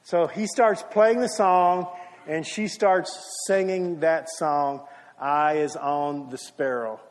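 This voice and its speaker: A man's voice: fairly high pitch, steady tone, slow pace. A male pastor preaching a sermon, telling a story and acting out the quotes. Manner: storytelling with acted quotes and brief singing. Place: church sanctuary. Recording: long hall reverb from a church.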